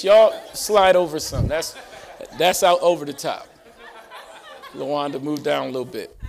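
Man, lively pastor preaching, high-pitched, rising emphasis for the congregation. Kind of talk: sermon. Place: church sanctuary.

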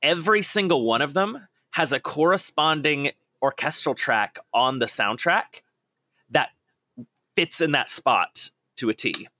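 A man co-hosting a casual podcast chat, excitable and quick to break into impressions. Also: on the high side, no room sound. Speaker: podcast co-host.

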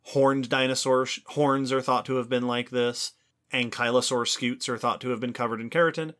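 A man co-hosting an educational podcast, explaining in an enthusiastic, lively way. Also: mid-range voice, moderate pace. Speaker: podcast co-host. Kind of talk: educational casual chat.

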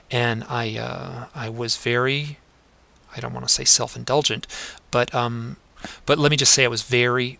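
A man guesting on a podcast, telling personal stories in an earnest, reflective way, pausing often with fillers. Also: medium pitch, vocal fry, bright, forceful tone, no echo. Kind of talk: conversational storytelling. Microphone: home desk microphone.

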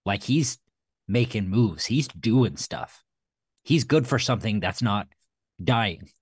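A man adding his thoughts in a casual review chat, speaking slowly and deliberately. His voice is low and husky. The sound is dry and close. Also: animated, no echo. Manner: slow, deliberate remarks.

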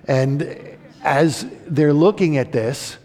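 A male preacher delivering a sermon, explaining a scripture passage in an animated, storytelling manner. His voice sits fairly high for a man. A long reverb rings from the church hall around him. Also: takes it slowly.

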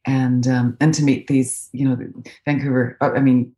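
Canadian woman, North American accent, low voice, remote interview guest, chatty and thoughtful. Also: level tone, normal speed, mellow. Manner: chatty, thoughtful, many fillers and restarts. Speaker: voice actress guest. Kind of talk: casual interview chat. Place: home, remote video call. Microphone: video call.

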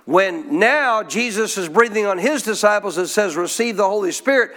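A man's voice: high-pitched, expressive, moderate pace, bright, forceful tone. A man preaching a sermon in a church, putting questions to the congregation and drawing answers back in call-and-response. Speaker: pastor.

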